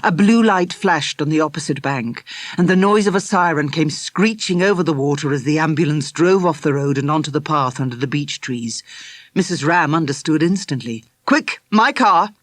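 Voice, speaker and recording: A man's voice: fairly high pitch, normal speed, no room sound, studio quality. Dramatic male audiobook narrator. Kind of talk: scripted narration.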